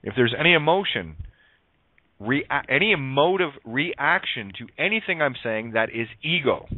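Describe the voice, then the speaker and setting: Male radio host, preachy and sarcastic, swears, animated voice on a dry phone line. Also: medium pitch, normal speed, dry recording. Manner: emphatic, sarcastic, preachy, swears, plays on words. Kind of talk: spiritual monologue on a talk radio show.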